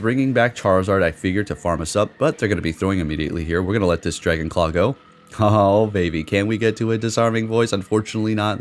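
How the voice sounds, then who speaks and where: A man giving casual, excitable commentary over his own competitive game matches, swearing now and then. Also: low-pitched. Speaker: gaming commentator.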